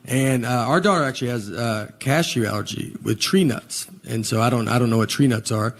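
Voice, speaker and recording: A man performing a stand-up comedy set, telling bewildered, deadpan stories and acting out quotes, with audience laughter between lines. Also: mid-range voice, fairly quick. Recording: live audience laughter behind.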